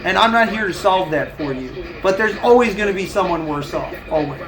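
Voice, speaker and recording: A male livestreamer with a high, animated voice talks a little fast over music on a rough recording. He chats casually and rants, swearing heavily and laughing often.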